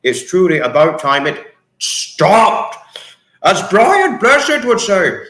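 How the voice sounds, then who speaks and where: A man's voice: sits high, big pitch swings, slow, a bit bright. A man hosting a casual livestream, reading out viewer comments in an emotional, repetitive way. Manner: emotional, repetitive, dwells on words. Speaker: livestream host. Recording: echoey room.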